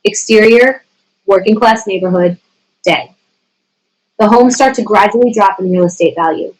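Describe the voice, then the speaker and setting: Woman, stage directions, table read, measured, steady, mid pitch. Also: rough recording. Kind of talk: screenplay table reading.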